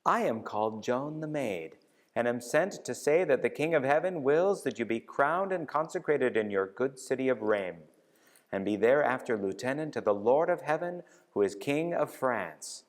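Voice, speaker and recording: A man reading aloud and voicing a devout, gentle young peasant woman, heard in a reverberant church hall. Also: mid-range voice, lively intonation, normal speed, voice pushed up, close to an everyday voice. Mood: solemn.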